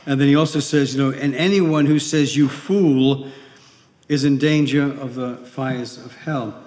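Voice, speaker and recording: A man's voice: medium pitch, fairly even intonation, moderate pace, darkish tone. A male pastor preaching a sermon in a conversational way, often repeating himself and acting out little scenes. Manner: conversational preaching with repetitions and acted-out whispered gossip. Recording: echoey hall with long reverb.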